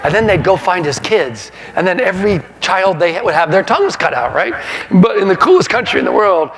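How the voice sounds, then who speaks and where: A man in his sixties, a sportswriter giving a talk, telling funny stories to a live audience in an animated way and laughing as he goes. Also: high voice, a little fast, gravelly. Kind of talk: humorous storytelling to a live audience. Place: lecture hall. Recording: reverberant hall sound.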